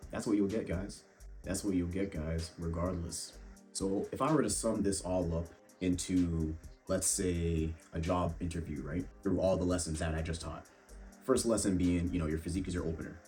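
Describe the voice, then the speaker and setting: A man's voice: low-pitched, steady tone, normal speed, darkish tone, faint music behind. A young man giving blunt, profane dating advice straight to the viewer, addressing them as bro. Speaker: fitness and dating vlogger. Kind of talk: casual monologue to camera.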